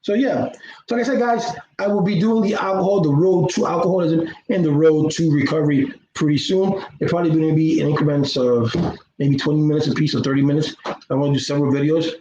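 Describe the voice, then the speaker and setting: A man's voice: fairly high pitch, fairly even intonation, quick pace, dark tone. Rambling man vlogging in a roomy space. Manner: rambling, repeats words, earnest and preachy. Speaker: YouTuber. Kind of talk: casual monologue vlog. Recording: roomy, dull lo-fi sound with faint noise.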